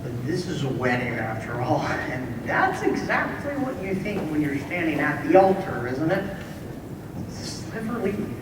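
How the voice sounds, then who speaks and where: A man playing a wistful male musical fan who narrates from his chair, talking in chatty, halting asides during a school stage musical. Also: fairly high pitch, big pitch swings. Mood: musing. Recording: echoey hall from far off, noisy.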